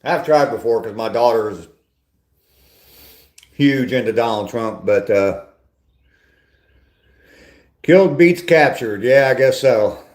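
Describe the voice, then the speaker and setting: A man's voice: medium pitch, animated, slow pace, pauses often, darkish tone, echoey room. An older man hosting a casual live stream on a walk, chatting with viewers in a rambling, self-deprecating way. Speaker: vlogger reading live chat.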